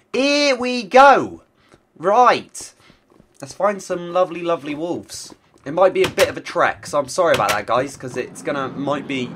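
Male let's-play host, stuffy from a cold, slow unhurried delivery with sharp bright tone, chatty self-talk. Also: medium pitch, a little hiss or hum. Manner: chatty, talks to himself and the animals. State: congested from a cold. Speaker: gaming channel host. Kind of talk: casual Minecraft let's-play commentary.

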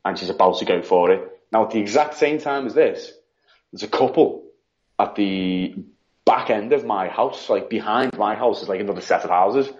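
A man with a British accent, a podcast guest telling stories in a casual, animated way, acting out quotes and saying "like" a lot. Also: on the low side, normal speed. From United Kingdom. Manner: animated, acts out quotes, frequent "like". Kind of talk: casual storytelling. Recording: dull lo-fi sound.

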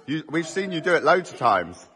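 A man's voice: fairly high pitch, very animated, a little fast, pushed and bright. A man, cheering and encouraging people through exercises at a class in a gym hall. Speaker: class helper cheering participants. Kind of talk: encouraging shouts at a fitness class. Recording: reverberant hall with group noise.

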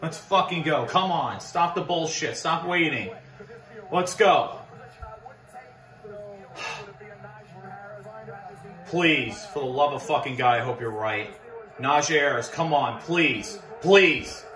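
Man, profane sports fan reaction, slow-talking, bit high voice, echoey room. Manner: profane, anxious pleading turning to wild shouting joy; swears constantly, repeats phrases. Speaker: fan reacting to a live draft. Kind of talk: live reaction vlog.

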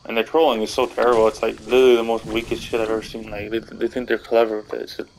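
A man's voice: on the low side, monotone, rapid-fire, darkish tone, slight background noise, poor audio. A man vlogging a crude, dismissive rant to camera, laughing at his targets. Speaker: gaming and wrestling vlogger.

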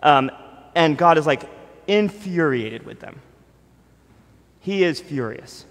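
A male pastor delivering a sermon in a relaxed, conversational way, with casual asides and the odd filler. His voice sits a little high for a man and carries a long, ringing reverb from the church hall around him. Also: takes it slowly. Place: church sanctuary.

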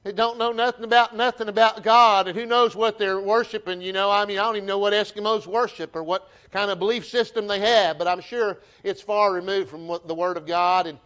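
A man with a Southern US accent preaching a sermon to his church, folksy and animated, often restarting his phrases. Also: high-pitched, brisk, hardly any pauses. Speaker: pastor. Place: church sanctuary.

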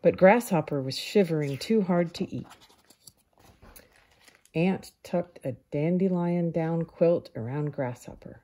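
Woman reading a picture book aloud, low husky voice, slow and calm. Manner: calm, unhurried storybook reading. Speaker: storyteller.

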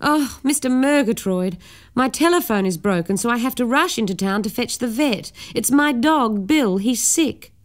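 A woman's voice: a little high, lively intonation, moderate pace, voice pushed up, lightly acted. A woman voicing a worried young woman in a storybook, urgent and anxious.

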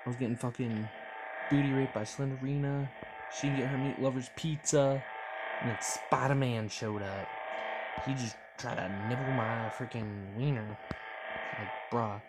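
This gamer, heard over loud music, speaks at a moderate pace in a medium-pitched voice. Commentating on a horror game, he curses frequently and reacts with jumpy, excitable outbursts.

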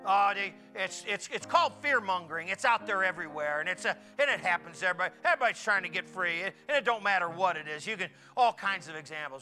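Middle-aged male pastor, high bright voice, folksy fiery preacher, faint music under. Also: expressive, quick pace, hardly any pauses. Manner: folksy, preachy, swings between quiet asides and loud exclamations. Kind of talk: sermon.

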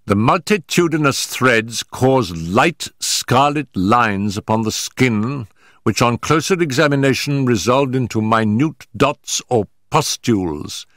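A man narrating an audiobook in a deliberate, dramatic manner. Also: medium pitch, lively intonation, a bit bright, no room sound, clean studio sound. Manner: deliberate and dramatic, in period prose. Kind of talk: scripted narration.

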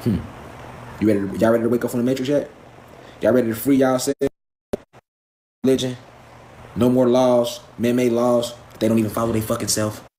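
A man's voice: mid-range voice, a little mellow, a little hiss or hum. A man giving a profane, preachy live stream lecture, firing off rhetorical questions. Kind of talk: impassioned live stream rant.

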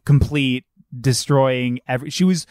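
A man's voice: medium pitch, fairly even intonation, measured pace, a little mellow, no echo, clean studio sound. A young man co-hosting a podcast, chatting casually and animatedly, swearing freely and acting out quotes in shifting voices. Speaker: podcast co-host. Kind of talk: casual chat.

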